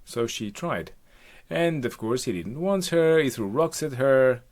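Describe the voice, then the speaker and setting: A man's voice: mid-range voice, expressive, measured pace, a little mellow. A man improvising a rambling, profane comic retelling of a myth, with jokey asides. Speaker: comic storyteller.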